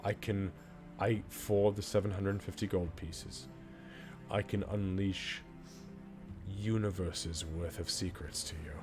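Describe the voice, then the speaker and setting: Man playing a gruff old dwarf informant, crude, theatrical, low-pitched voice, faint music behind. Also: steady tone, measured pace. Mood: secretive. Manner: profane, theatrical, fatherly.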